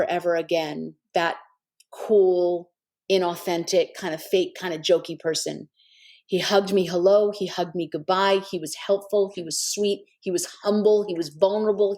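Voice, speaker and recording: A woman's voice: medium pitch, a little mellow. A woman guest on a podcast, telling an earnest, heartfelt story with many "kind of" and "like" asides. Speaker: guest, animal intuitive.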